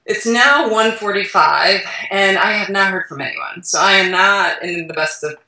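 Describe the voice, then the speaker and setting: A woman, the founder of a food company, telling a lively story in a conversational interview, acting out voices and using lots of "like" fillers, recorded in her office. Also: mid-range voice, normal speed. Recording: echoey room, voice far from mic.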